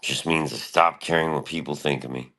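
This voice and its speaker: Middle-aged guy streaming, super low voice but bright edge, swears a lot, rambles on. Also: fairly even intonation, fairly quick. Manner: profane, meandering, laid-back. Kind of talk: casual rambling monologue.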